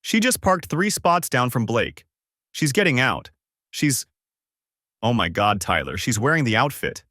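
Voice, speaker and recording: A man's voice: mid-range voice, sing-song, measured pace, dry recording, studio quality, full character voice. A man voicing a tense young woman who urgently reports what she sees, in an audiobook. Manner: urgent, hushed play-by-play. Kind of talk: audiobook character voice.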